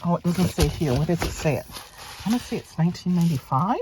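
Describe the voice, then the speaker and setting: Excitable woman, lively pitch. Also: fast, a little hiss or hum. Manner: gushing, excitable, talks straight to viewers. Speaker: vlogger. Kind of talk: casual unboxing chat. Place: at a private mailbox.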